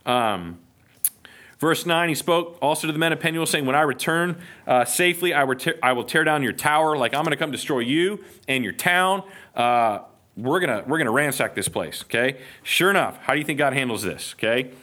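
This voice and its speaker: A man's voice: on the high side, a little fast. A man teaching a Bible study in a casual, joking way, often checking in with his listeners. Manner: lively, jokey, checks in with "okay?".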